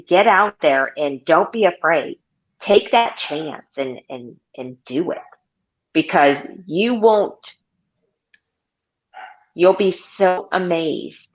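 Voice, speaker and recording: A woman in her forties talks casually in an interview, telling stories from her sales job. Her voice sits low and she takes her time, with lots of "um" and "you know". The audio is a little dull. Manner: chatty storyteller, many fillers and restarts. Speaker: car sales consultant.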